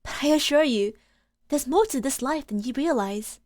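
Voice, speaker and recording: A woman's voice: high-pitched, animated, normal speed, no room sound, studio quality. A woman reading as an earnest young law student. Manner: earnest, gentle, softly spoken.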